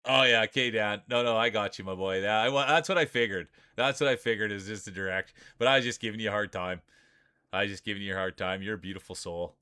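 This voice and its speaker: A man streaming live commentary on a marble race, with energetic, joking hype-man banter. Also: fairly low pitch, fast, smooth, no room sound, studio quality.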